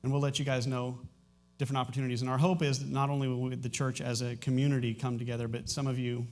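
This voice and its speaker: Middle-aged man pastor, plain mid voice, halting and emotional, lots of restarts, church sermon. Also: mid-range voice, little pitch movement, darkish tone. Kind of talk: sermon announcements and personal testimony. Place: church sanctuary.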